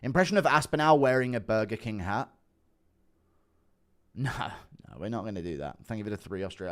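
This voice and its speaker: A young man hosting a livestream, chatting casually and swinging between loud bursts and low mumbles. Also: expressive, fairly quick, long pauses. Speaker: livestream host.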